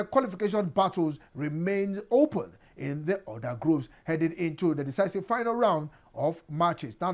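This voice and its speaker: A woman from Nigeria, hosting a sports news review and reading results with many "uh" fillers and frequent "now". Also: medium pitch. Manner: halting delivery full of "uh" fillers, starts sentences with "now". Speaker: sports show host.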